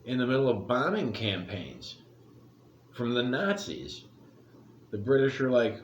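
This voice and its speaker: A man's voice: mid-range voice, very animated, measured pace, long pauses, highs cut off. Middle-aged male vlogger, blunt and profane, rambles through his opinions; echoey room with faint noise behind. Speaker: commentary vlogger. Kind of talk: casual opinion rant.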